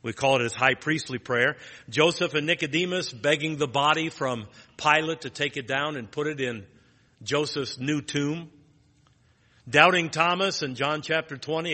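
A man's voice: a little high, bright, forceful tone, long reverb tail. A man teaching a Bible lesson in a plain teaching tone, asking rhetorical questions and restarting phrases.

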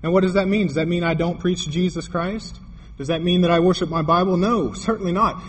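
A man with a somewhat high voice preaches a sermon at a slightly quick pace, telling a story with quoted dialogue and building to emphatic points. The recording carries long hall reverb and faint noise.

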